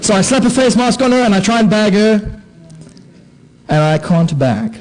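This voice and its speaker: A man tells comic stories about himself to a live audience. His voice sits fairly high, and he delivers the talk with animated, self-deprecating asides and playful sound effects. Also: moderate pace, pauses often, rough recording. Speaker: conference speaker, anaesthetist. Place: conference hall with an audience.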